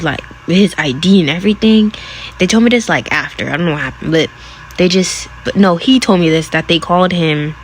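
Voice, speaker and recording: Young woman vlogger, casual rambling aside, lowish voice, faint noise behind. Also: low-quality recording. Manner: rambling, casual, with many fillers. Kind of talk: storytime vlog aside.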